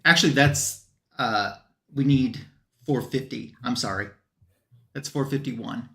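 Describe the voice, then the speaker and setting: A man's voice: medium pitch, measured pace, gravelly, a bit bright. A man hosting a comic book panel stream, recapping a story in loose, rambling casual chat with lots of fillers. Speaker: host of a comic book review show.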